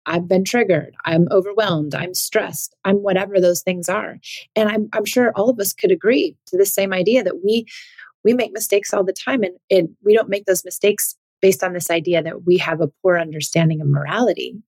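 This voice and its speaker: A woman's voice: mid-range voice, fairly even intonation, normal speed, a little mellow, no room sound. A woman hosting a parenting podcast, talking it through earnestly and posing rhetorical questions to the listener. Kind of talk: reflective solo podcast talk.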